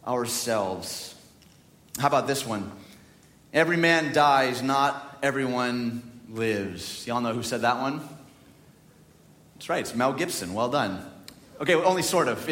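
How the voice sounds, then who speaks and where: Guy pastor preaching, kinda high voice, jokey asides, big roomy hall echo. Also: fairly bright tone. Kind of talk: sermon. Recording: echoey hall from far off.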